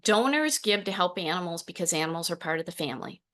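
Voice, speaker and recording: A woman in her forties hosting a podcast, telling stories with lively laughs and acted quotes. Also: fairly low pitch, fast talker. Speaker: podcast host, program founder. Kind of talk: solo podcast talk.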